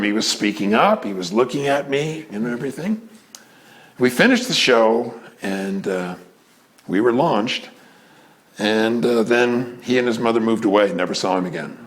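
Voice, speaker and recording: An older man in a casual storytelling talk, animated, often acting out the people in his stories. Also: medium pitch. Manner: animated, acts out voices in quotes.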